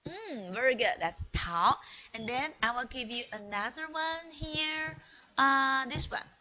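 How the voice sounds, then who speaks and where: A woman whose first language is Chinese, teaching an online one-on-one lesson in English, slow and encouraging, praising often and modelling each word clearly. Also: high-pitched, expressive, sharp tone, rough recording. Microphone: video call.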